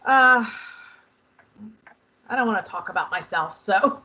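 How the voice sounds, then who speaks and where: A woman's voice: mid-range voice, animated, measured pace, bright, forceful tone, muffled recording, slight background noise. A woman in her fifties, a real estate agent speaking hesitantly and modestly in a video call panel interview, with many ums.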